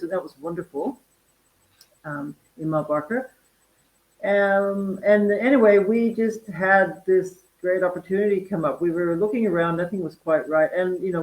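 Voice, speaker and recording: A woman in her fifties from North Dakota, a guest chatting casually about her wellness farm, animated and full of fillers and laughs. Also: lowish voice, poor audio. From North Dakota, USA. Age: 50s. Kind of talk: casual interview chat.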